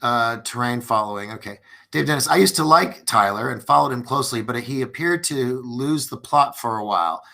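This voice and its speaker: A man hosting a live-streamed podcast, talking loosely and earnestly to his viewers. His voice has a gravelly edge and a bright, forward tone. He rambles, restarts his sentences and fills the gaps with "you know" and "um". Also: mid-range voice, a little fast, few pauses. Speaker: podcast host. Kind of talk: casual live-stream chat reading viewer comments.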